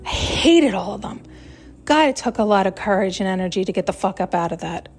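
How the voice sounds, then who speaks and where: A woman's voice: medium pitch, animated, brisk, soft background music. A woman hosting a podcast, talking in a rambling, blunt, casual self-help monologue and swearing freely. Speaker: podcast host.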